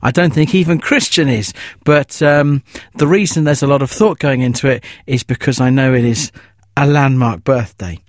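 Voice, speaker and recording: A man's voice: medium pitch, normal speed, no echo, studio quality. A man presenting a radio podcast intro in a chatty, self-mocking way.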